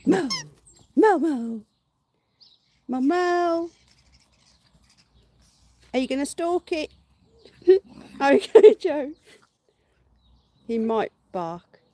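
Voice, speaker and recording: High, lively woman cooing at her dog. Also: very slow, long pauses, slight background noise. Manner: coos baby talk at her dog, laughs often. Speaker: livestream host. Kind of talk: casual live-stream chat with pets and viewers. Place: garden, outdoors.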